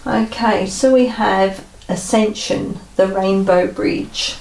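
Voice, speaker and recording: A woman reads oracle cards in a slow, gentle spiritual tone, often pausing with soft fillers. Her voice sits in the middle of a woman's range. It is recorded from a distance in a roomy space. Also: medium pitch, fairly even intonation. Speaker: tarot card reader. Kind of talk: spiritual oracle card reading.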